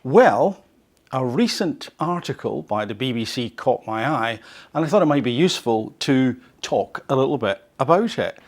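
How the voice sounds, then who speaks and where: A man's voice: medium pitch, expressive, moderate pace. Man musing aloud over an article. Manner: conversational, asks rhetorical questions. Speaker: host of a language learning podcast. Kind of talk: reading and commenting on an article.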